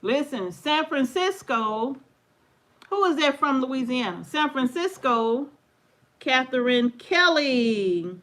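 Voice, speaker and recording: High-voiced woman reading live chat. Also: sing-song, takes it slowly. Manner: warm, laughing, greets viewers by name. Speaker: livestream co-host. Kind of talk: casual live chat reading viewer comments.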